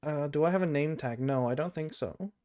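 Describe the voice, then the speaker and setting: A man's voice: on the high side, fairly quick, a little mellow. A man with a British accent streaming a game, thinking aloud in rambling casual chat. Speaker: gaming streamer.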